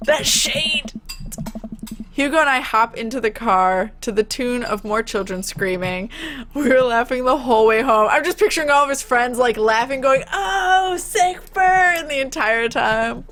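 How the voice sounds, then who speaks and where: A woman streamer giving casual let's-play commentary, excitable and gushing, quick to laugh and squeal over what happens on screen. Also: a little high. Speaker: gaming streamer.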